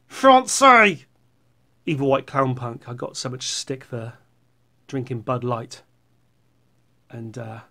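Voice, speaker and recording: A middle-aged man rambling sarcastically as he reads out viewer comments on his channel. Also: medium pitch. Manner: sarcastic, rambling, puts on silly voices for comments. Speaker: YouTuber reading viewer comments.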